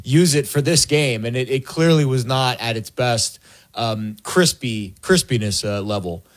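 A man's voice: mid-range voice, measured pace. A man co-hosting a sports talk show, rambling through hesitant explanations with homely comparisons. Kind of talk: casual sports chat.

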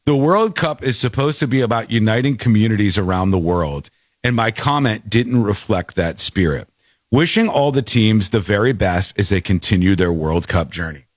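Animated ranting male commentator. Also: on the low side, normal speed, no room sound, clean studio sound. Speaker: show host. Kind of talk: opinionated commentary.

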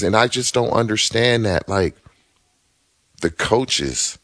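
A man with a very deep voice argues on a sports talk show. He hammers his points with repetition and stays forceful through back-and-forth debate. The sound is dry and close, with no room echo. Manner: emphatic, argumentative, repeats his points. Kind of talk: heated casual sports debate.

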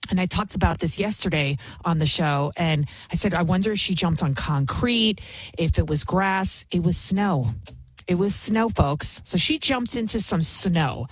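Husky-voiced indignant woman host. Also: on the low side, expressive, measured pace, no echo, poor audio. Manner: emphatic, indignant, repeats for stress. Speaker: show host. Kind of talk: opinionated commentary.

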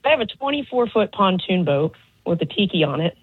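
A relaxed woman caller on a tinny phone line. Her voice sits fairly low for a woman, with a husky edge. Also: fairly quick. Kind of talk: casual phone chat.

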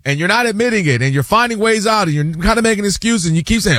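A man's voice: high voice, fast, no echo. A man hosting a sports talk show, arguing his point in casual chat and acting out fans' voices. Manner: animated, acts out fans' and players' voices.

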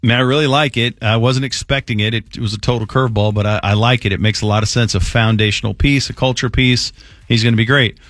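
A laid-back man talks sports on the radio in a relaxed, chatty way, laughing easily. His voice sits mid-range. The studio sound is close and dry. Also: medium pitch, quick pace, no echo, soft background music. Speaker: radio show host. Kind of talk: casual sports radio banter. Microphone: studio microphone.

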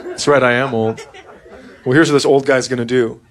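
A man in his forties telling a stand-up story about his son, dry and deadpan. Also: mid-range voice, fairly quick. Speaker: stand-up comedian. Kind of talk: stand-up comedy set. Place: comedy club stage. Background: audience laughing.

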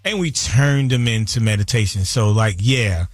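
A man in his fifties, a guest artist telling stories in a loose, animated way during a radio interview in a studio. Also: lowish voice, normal speed, no echo. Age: 50s. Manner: loose, animated storytelling with laughs. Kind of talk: casual interview chat.

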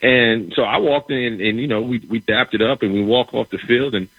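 Man, middle-aged, husky, dry, former football player, storytelling. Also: medium pitch, normal speed, dry recording, phone-quality sound. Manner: animated, repeats words, acts out quoted dialogue. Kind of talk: casual storytelling.

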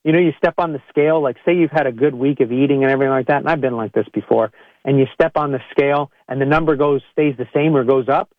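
A man, a chiropractor hosting a health podcast, talking casually to listeners and acting out his patients in a higher voice. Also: fast, dry recording. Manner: animated, acts out quoted patients in a higher voice. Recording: narrow phone-like sound, dry.

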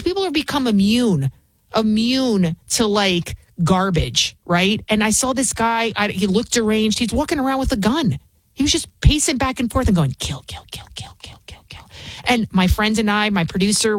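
A woman filling in as a talk radio host, delivering a scornful, combative monologue full of quick restarts. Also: fairly high pitch, no room sound, poor audio.

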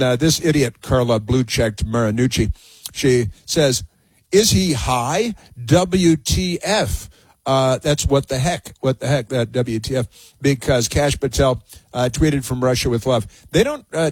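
A man's voice: medium pitch, slightly rough, no room sound. A man hosting a political talk radio show, sarcastic and scornful, with many filler sounds.

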